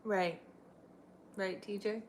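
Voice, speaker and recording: A woman's voice: fairly even intonation, slow pace, a little mellow, a little hiss or hum. A middle-aged woman, chatting casually on a livestream from home and cooing at her pets. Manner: chatty, talks to her pets in a high sing-song voice. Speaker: vlogger. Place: home, indoors.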